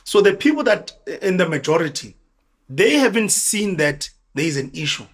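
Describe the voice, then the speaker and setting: A man's voice: high-pitched, very animated, moderate pace. A man with a South African accent talking earnestly and reflectively in a casual podcast chat.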